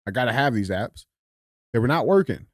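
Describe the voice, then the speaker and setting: A man's voice: mid-range voice, a little fast, no room sound, studio quality. A man co-hosting a podcast, chatting casually and reading news headlines aloud. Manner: relaxed, chatty, fillers between read-out lines. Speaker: podcast co-host.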